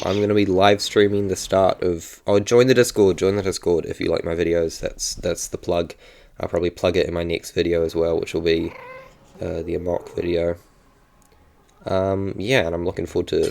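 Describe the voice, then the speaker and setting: A man's voice: deep voice, vocal fry, darkish tone. A young man with a New Zealand accent chatting casually in a vlog, rambling and often correcting himself. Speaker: YouTuber.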